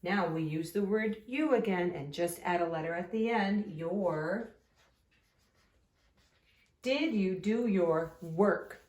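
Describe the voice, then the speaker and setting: Slow, patient woman teacher, roomy sound. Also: on the low side, darkish tone. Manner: slow, patient, sounding out letters and singing spelling songs. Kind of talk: early-grade phonics lesson. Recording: echoey room, voice a bit far off.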